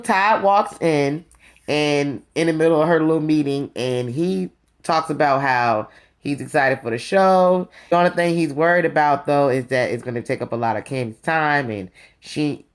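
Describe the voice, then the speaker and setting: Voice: normal speed, clear, resonant tone. A reviewer recapping a reality show in casual gossip style, chatty and sassy, calling viewers "you guys" and "honey.". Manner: lively, swings between excited highs and low asides.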